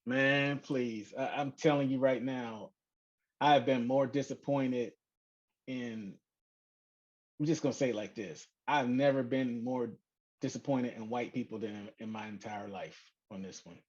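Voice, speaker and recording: A man co-hosting a podcast, talking in a loose, conversational way with drawn-out phrasing. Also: medium pitch, fairly even intonation. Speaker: podcast co-host. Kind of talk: casual chat. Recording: dull lo-fi podcast audio.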